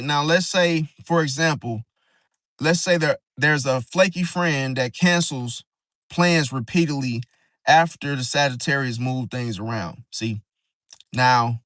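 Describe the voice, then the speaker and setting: A man's voice: medium pitch, fairly bright tone, no room sound, clean studio sound. A man in a casual monologue on astrology who talks in slang, rambles, and acts out quoted friends. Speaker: zodiac vlogger.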